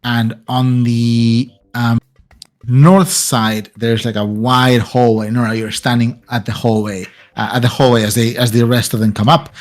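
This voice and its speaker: A man narrating as game master of a tabletop game, halting with fillers and restarts. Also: mid-range voice, fairly even intonation. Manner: hesitant, many fillers and restarts.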